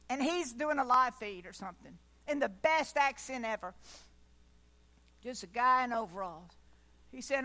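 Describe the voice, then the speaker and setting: High, bright-voiced woman preaching. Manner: folksy, with chatty asides and jokes. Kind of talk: sermon.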